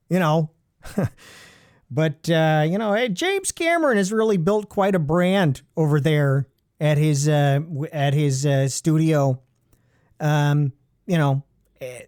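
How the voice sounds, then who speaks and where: A man hosting a comedy show, rambling, halting and full of fillers and restarts. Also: on the high side, darkish tone, no echo, clean studio sound. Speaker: comedy podcast host. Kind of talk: deadpan rambling comedic monologue.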